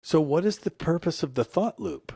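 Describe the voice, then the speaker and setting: A man's voice: fairly high pitch, animated, normal speed, gravelly, dark tone, slightly rough, no room sound, studio quality. A middle-aged man from the United States, telling stories in an earnest, reflective conversation. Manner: earnest, storytelling, voice lifts when quoting. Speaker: guest.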